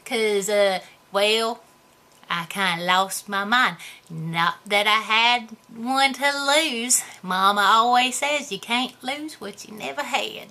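A woman's voice: a little high, slow, sharp tone, exaggerated voice. A woman playing a goofy, boastful character in a comedy vlog, talking in a rambling, self-mocking way. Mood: playful. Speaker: vlogger answering viewer questions.

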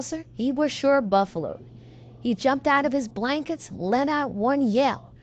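A woman's voice: sits high, highs cut off. A woman reading an audiobook, voicing a folksy male cowboy telling a tall tale in a drawling frontier dialect. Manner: drawling frontier dialect, leisurely yarn-spinning. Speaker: audiobook reader. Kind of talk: audiobook reading of a western yarn.

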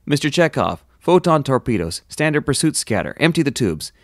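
A man's voice: mid-range voice, sing-song, moderate pace, no room sound, clean studio sound, pitched above the performer's own voice. A man voicing a decisive starship captain who gives raised, clipped commands. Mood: commanding. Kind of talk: audiobook character voice.

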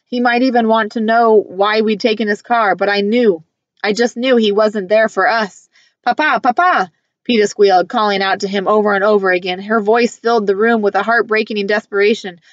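A woman's voice: mid-range voice, fairly even intonation, no room sound. Woman narrating a novel, dry and muffled. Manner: measured, earnest storytelling. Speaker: audiobook reader. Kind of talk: first-person novel narration.

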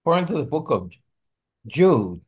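A man in a Bible study group offering his view haltingly, with many restarts and hesitations. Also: a little high, big pitch swings, slightly rough. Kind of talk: group discussion comment.

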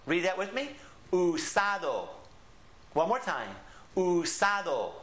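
A man teaching the Spanish vowels, saying each sound slowly and clearly and asking learners to repeat after him. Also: high-pitched, big pitch swings, a bit bright. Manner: patient, drawn-out model pronunciations. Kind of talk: classroom lesson. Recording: echoey room.

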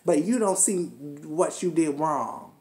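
A woman's voice: low voice, slow pace, mellow. A woman heatedly recapping a reality show, cursing and scolding the cast as if they could hear her. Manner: heated, profane, scolding, talks straight to the cast. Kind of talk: ranting recap commentary.

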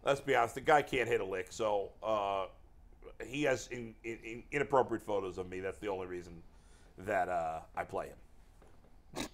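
A man's voice: lowish voice, normal speed, pitched below the performer's own voice, natural voice. A man doing a rambling old baseball manager. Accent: put-on Southern. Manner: rambling, chuckling confessions. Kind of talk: comedic role-play impression.

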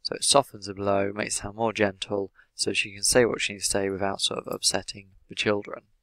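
A man with an English accent, an English teacher explaining the language of an interview in a measured way, with many "sort of" fillers. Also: on the low side, level tone, a bit bright, dry recording. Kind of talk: explanatory lesson analysing an interview.

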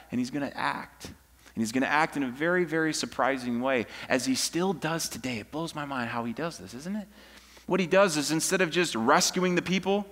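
A pastor preaching a sermon in a church, telling a story casually and prompting the congregation to join in. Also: male voice, fairly high pitch, long reverb tail. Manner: conversational, animated storytelling with audience prompts. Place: church auditorium.

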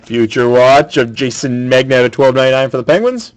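A man hosting a card break, naming each card in a brisk, matter-of-fact way. His voice sits at a middle pitch. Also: slight background noise. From Canada. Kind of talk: calling out sports card pulls.

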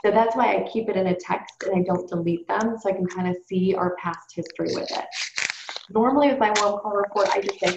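A woman's voice: medium pitch, fairly quick, background noise. A woman leading a sales team training call, coaching in an upbeat, chatty way and addressing the group directly. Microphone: call or webinar. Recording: roomy, dull conference call audio.

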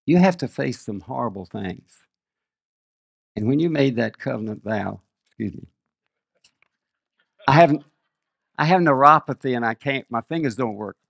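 Gravelly older man preaching slowly. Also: fairly low pitch. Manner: earnest, reads scripture aloud and tells family stories. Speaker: guest preacher. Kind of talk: sermon with personal storytelling.

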